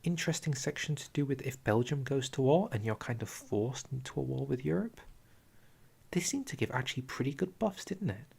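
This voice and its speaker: Young male streamer, gravelly edge, loose chatty commentary, a bit winded. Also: medium pitch, expressive, a little fast. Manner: chatty, chats with viewers, trails off into quiet asides. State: out of breath. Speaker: streamer reviewing a strategy game dev diary. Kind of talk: casual live-stream commentary.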